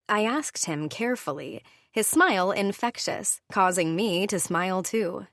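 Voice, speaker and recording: Lively, playful woman narrating an audiobook. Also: lowish voice, unhurried, gravelly, dry recording, clean studio sound. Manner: playful and expressive. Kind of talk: first-person audiobook narration.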